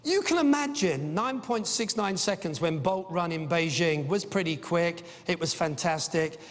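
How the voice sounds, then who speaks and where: A middle-aged man with a high voice, speaking at a business conference. He sounds enthusiastic and tells stories between points, often pausing on "uh". His voice carries the long reverb of a large conference hall. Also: animated. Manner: enthusiastic, anecdotal, with frequent "uh" fillers.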